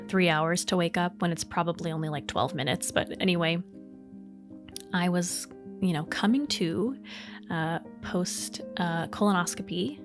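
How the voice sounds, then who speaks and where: A young woman hosting a podcast, telling personal ghost stories casually with many fillers and asides. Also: fairly low pitch. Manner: rambling, lots of fillers, emotional at times. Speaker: podcast host.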